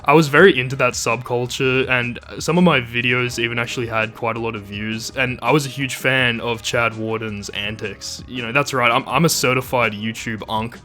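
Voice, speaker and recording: A man narrating a documentary about early internet trolls, telling it with wry, animated asides. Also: mid-range voice, normal speed, hardly any pauses, soft background music.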